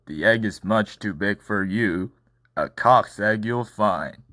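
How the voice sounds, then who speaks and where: A man voicing a boastful, stubborn rooster in a storybook, with a blustering, insistent delivery close to his own low voice. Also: slow pace, bright, forceful tone, no room sound.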